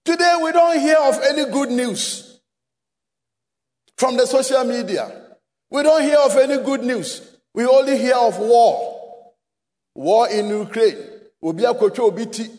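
A Ghanaian man delivers a sermon in a strikingly high voice. He drives each point home with repeated rhetorical questions that swell into shouts. His words ring with the long reverb of a large hall. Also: unhurried, pauses often. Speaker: preacher.

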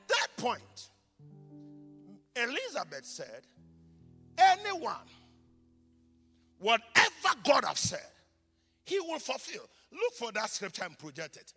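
A male pastor preaching a sermon, moving between calm teaching and shouted blessings, switching between English and Twi. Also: very high-pitched, slow, long pauses, husky, in a large hall, faint music behind. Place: church.

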